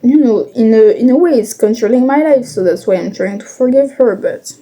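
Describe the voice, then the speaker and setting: A young woman speaking in a casual confessional vlog, candid and blunt, halting with many restarts and fillers. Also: fairly high pitch, lively intonation, warm tone. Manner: candid, blunt, occasional swearing.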